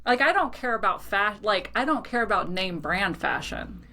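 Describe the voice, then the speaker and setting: A woman's voice: medium pitch, lively intonation, normal speed, sharp tone, slight background noise. A woman from Arizona co-hosting a podcast, chatting candidly and swearing now and then as she reads out traits. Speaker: podcast co-host. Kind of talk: casual chat.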